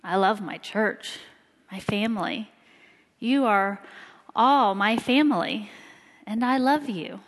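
A woman in her forties from Indiana, giving a personal talk in church with slow, emphatic storytelling. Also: mid-range voice. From Indiana, USA. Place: church sanctuary. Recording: long hall reverb.

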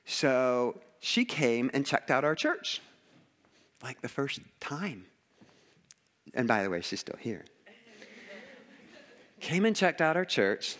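A male pastor delivers a sermon in a church, speaking in a very expressive, swooping voice. He tells stories in an animated way, acts out each quoted line and often laughs. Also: medium pitch, slow, long pauses.

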